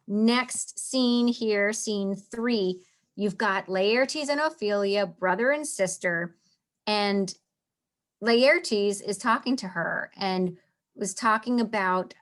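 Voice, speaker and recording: A woman's voice: medium pitch, a bit bright. A woman teaching in a casual, chatty way, reading lines aloud and stopping to explain them, with a lot of "like". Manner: chatty, reads lines aloud, says "like" often.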